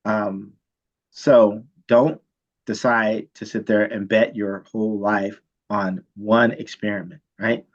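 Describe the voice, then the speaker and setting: A man teaching chemistry, telling a story from his student days in a casual, animated way and checking in with "right?" often. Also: lowish voice, takes it slowly, lo-fi sound. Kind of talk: storytelling lecture.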